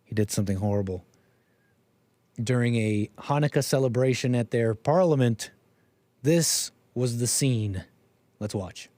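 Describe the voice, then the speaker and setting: A man hosting a live stream in a casual, jokey, animated way, reading out viewer messages and reacting to clips. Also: mid-range voice, measured pace, pauses often. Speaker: livestream host.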